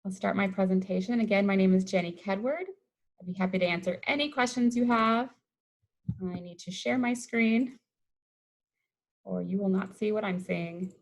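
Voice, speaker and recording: A woman from Colorado who educates people about waste reduction presents a webinar over a video call. Her mid-range voice moves at normal speed, and her delivery is upbeat, conversational, and enthusiastic about the topic. The recording quality is low.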